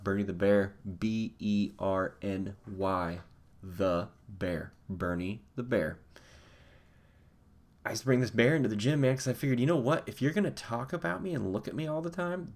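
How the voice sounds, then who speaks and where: A young man telling a funny story in a casual vlog monologue, acting out the people he talks about. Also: on the low side. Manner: animated, acts out people in funny voices. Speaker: vlogger.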